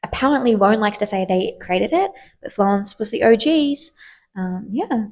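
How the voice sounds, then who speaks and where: Young woman, twenties, podcast host, gravelly fry, mid pitch, candid, chatty, swears casually. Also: expressive, normal speed, darkish tone. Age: 20s. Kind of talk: casual solo podcast chat.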